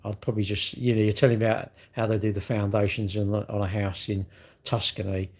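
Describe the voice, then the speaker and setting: A man's voice: on the low side, little pitch movement, fairly quick, a little mellow. A middle-aged man, chatting bluntly and mockingly as he reads comments on a live stream. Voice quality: gravelly, husky. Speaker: livestream host reading comments. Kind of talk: casual live-stream chat.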